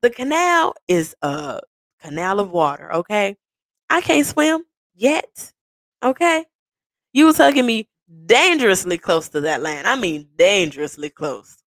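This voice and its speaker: A woman hosting a personal podcast, telling the story of her proposal to her partner in an animated, playful way. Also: lowish voice, vocal fry, dry recording. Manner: animated, playful, acts out quoted voices. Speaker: podcast host.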